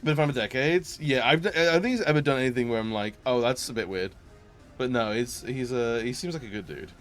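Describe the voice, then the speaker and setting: A man's voice: mid-range voice, quick pace, soft background music. Chatty male streamer. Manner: chatty, laughing, greets chat warmly, many fillers. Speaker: variety streamer. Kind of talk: casual live-stream chat.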